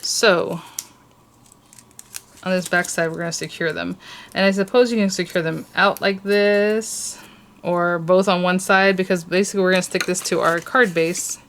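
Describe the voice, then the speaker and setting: A woman's voice: fairly low pitch, fairly bright tone, slight background noise. A woman hosting a casual crafting tutorial, chatty and gushing over cute details as she works.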